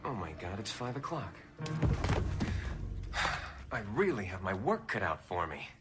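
A crass, smug ex-agent in a TV thriller, with a very deep voice and a brash, offhand delivery. A loud film score plays under him. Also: male voice, very animated, a little slow, loud music behind the voice. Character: crass male ex-agent hidden in a woman's body.

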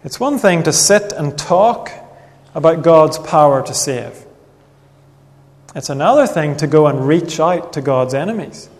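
A man preaching a sermon in an earnest, measured way, reading Bible passages aloud. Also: on the high side. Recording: long reverb of a hall.

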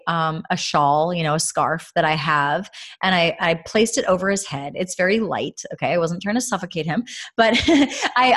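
A woman in her thirties, a mother, telling viewers a faith lesson in a casual, animated way, laughing often and dropping to soft, quiet tones. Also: on the low side.

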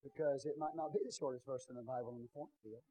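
A man preaching a sermon in a church, swinging from quiet teaching to loud shouted preaching. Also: mid-range voice, fairly even intonation, racing, rough recording. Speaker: pastor. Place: church sanctuary.

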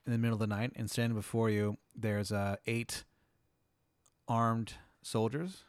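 Smooth-voiced man spinning a playful story. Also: fairly low pitch, level tone, measured pace, no echo. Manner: spins a playful hypothetical story. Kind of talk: casual chat.

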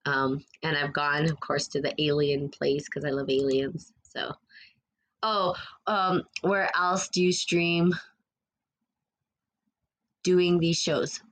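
Livestream host, woman, New Mexico accent, low voice, earnest and repetitive, chats with viewers. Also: flat delivery, slow pace, pauses often, a bit bright. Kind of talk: spiritual livestream chat.

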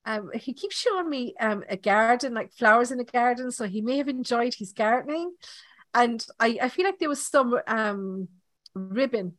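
A woman's voice: a little high, animated, moderate pace, fairly bright tone, no echo. Irish lady medium rambling through a reading, keeps asking okay?, dry mic. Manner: chatty, checks in with "okay?". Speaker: medium, podcast host. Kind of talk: live psychic reading demonstration.

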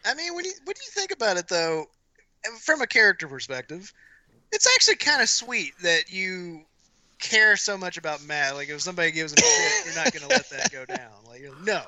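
A man's voice: high-pitched, huge pitch swings, brisk, pushed and bright, rough recording. A man co-hosting a casual podcast who talks thoughtfully and hedges with fillers. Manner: thoughtful, hedging, many fillers. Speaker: podcast co-host.

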